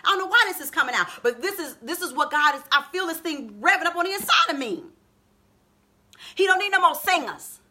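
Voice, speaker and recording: A woman preaches a live online sermon in a high, bright, ringing voice. She speaks, keeps calling "come on now" to her listeners, and rises into fervent shouts. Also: lively intonation, fast, hardly any pauses.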